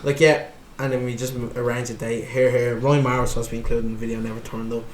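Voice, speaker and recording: A young Irish man in loose, casual chat, his speech full of likes and the odd curse. His voice is mid-pitched, and the room around him rings with echo. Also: flat delivery, quick pace, a little hiss or hum. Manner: casual, swears freely, lots of likes. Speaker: podcast guest. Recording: echoey room.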